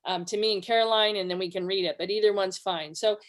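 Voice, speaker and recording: A woman's voice: medium pitch, fairly even intonation, quick pace. Woman presenter, middle-aged, chatty webinar delivery on a video call. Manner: chatty, with fillers and acted-out quotes. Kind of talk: casual teaching talk.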